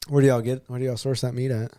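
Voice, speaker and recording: A man's voice: mid-range voice, level tone, fast talker, mellow, no room sound, clean studio sound. A man co-hosting a podcast, asking curious questions and laughing easily in casual chat. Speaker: podcast co-host.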